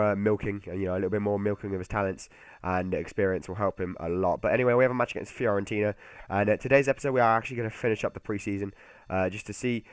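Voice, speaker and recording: A man's voice: on the low side, clear, resonant tone, no room sound. A young man giving casual, rambling commentary over a football video game, with lots of fillers and restarts. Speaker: gaming YouTuber.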